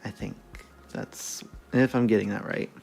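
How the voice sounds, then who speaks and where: A man's voice: fairly low pitch, steady tone, measured pace, vocal fry, darkish tone, soft background music. A man streaming a study session, thinking aloud, correcting himself and swearing casually as he goes.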